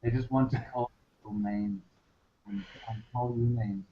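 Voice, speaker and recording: A man co-hosting a podcast in casual chat, calm and measured with light teasing. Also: medium pitch. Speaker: podcast co-host. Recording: slightly muffled lo-fi.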